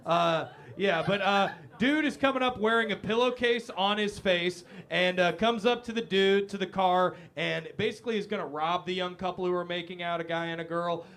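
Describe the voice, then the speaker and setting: A man from the Midwest hosts a comedy true crime show live from a café, his voice sitting notably high. He jokes loosely and swears freely as he talks. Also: normal speed, hardly any pauses, fairly bright tone. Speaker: host.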